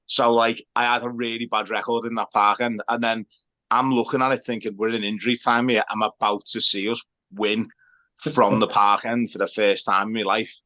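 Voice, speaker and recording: A man co-hosting a football podcast, his tone bright and forward. He tells relaxed anecdotes and laughs often. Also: on the low side, normal speed. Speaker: podcast co-host. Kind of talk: casual football chat.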